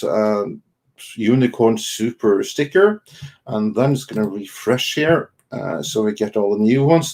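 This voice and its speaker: Halting male live-stream co-host. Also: fairly low pitch, darkish tone. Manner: halting, many ums and restarts. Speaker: co-host of an online entertainment news show. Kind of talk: casual live-stream chat reading Super Chats.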